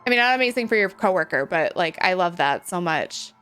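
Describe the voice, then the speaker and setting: A woman's voice: lowish voice, expressive, fairly quick, a bit bright, smooth. A woman streamer chatting casually with her live chat, giggly and full of "like," reacting to viewer messages. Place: home room with a window. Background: faint game music.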